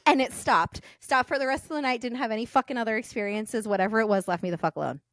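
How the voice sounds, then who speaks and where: Animated swearing woman telling a story. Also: a little high, fast talker, dry recording, clean studio sound. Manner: animated, swearing, acts out dialogue in her story. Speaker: podcast co-host. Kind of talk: casual storytelling chat.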